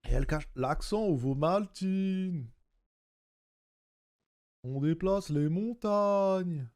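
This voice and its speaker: Southern French man, halting English. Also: sits high, a little mellow. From southern France. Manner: halting English, searching for words. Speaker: streamer. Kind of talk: casual chat.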